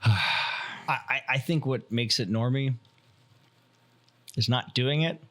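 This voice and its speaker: A man's voice: mid-range voice, slow. A man co-hosting a casual podcast, speaking in a dry, wry way. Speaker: podcast co-host.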